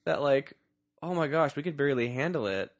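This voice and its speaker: A man co-hosting a casual movie review podcast, animated and giggly. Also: medium pitch, a little fast, no echo, clean studio sound. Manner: animated, giggly, playful banter. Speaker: podcast co-host.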